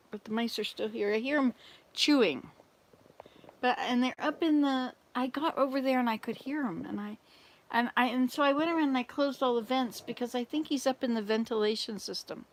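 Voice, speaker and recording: Chatty older woman telling jokes. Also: fairly high pitch. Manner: chatty, rambling, tells jokes and talks to viewers. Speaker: volunteer service missionary. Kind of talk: casual livestream chat. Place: RV at a summer camp.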